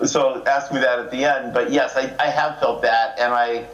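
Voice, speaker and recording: A man, a film director, answering press questions in a relaxed, plainspoken way. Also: mid-range voice, moderate pace, dull audio. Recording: echoey room with faint noise.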